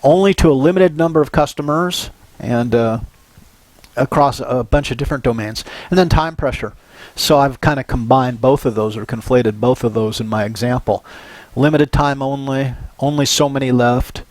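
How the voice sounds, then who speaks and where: Older male lecturer, animated and anecdotal. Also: mid-range voice, normal speed, no echo. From Southern California. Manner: anecdotal and animated, often checks in with "right?". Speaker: psychology lecturer. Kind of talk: recorded university lecture.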